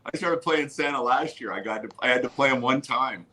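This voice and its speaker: A man guest on a video call from home, telling animated stories and laughing often. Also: mid-range voice, brisk, a crowd in the background. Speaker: guest, photographer. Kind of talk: casual storytelling on a video call.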